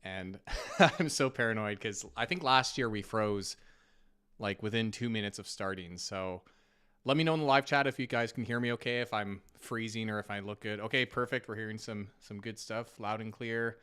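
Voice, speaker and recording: A Canadian finance channel host runs a casual live-stream Q&A, chatty and self-deprecating. His lowish, smooth, somewhat bright voice moves at a moderate pace and is a bit scratchy as he gets over a cold.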